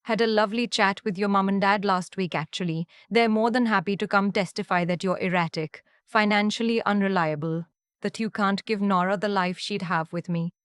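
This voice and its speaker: A man's voice: sits high, steady tone, moderate pace, fairly bright tone, clear, resonant tone, no room sound. A smug, scheming ex-husband , voiced by a woman, sounds pleased with himself as he taunts. It is a storybook reading with a close, dry sound. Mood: taunting.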